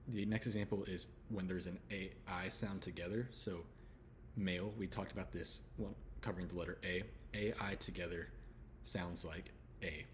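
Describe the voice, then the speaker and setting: A man from Houston, teaching letter sounds in a relaxed lesson and slowly repeating each sound. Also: sits low, a little hiss or hum. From Houston, Texas. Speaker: English pronunciation teacher. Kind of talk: casual spoken lesson.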